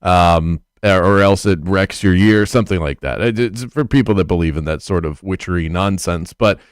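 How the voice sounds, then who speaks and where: A man's voice: low-pitched, normal speed, clear, resonant tone, dry recording, studio quality. A man hosting a sports radio show, opinionated and wry, wandering off into stories. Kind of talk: sports talk radio banter. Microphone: studio microphone.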